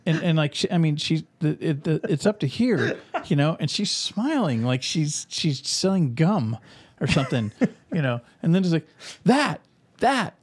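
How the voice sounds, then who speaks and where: A man hosting a podcast, casually telling an animated story and acting out the voices of people in it. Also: on the high side, normal speed, dry recording. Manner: animated anecdote telling, acts out quoted voices. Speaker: podcast host and author.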